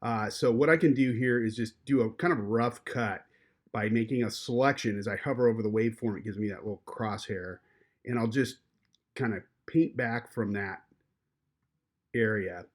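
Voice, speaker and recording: Relaxed man talking through a software tutorial. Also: on the low side, normal speed. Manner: relaxed, with frequent fillers. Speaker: journalism instructor. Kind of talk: screen-recorded software tutorial.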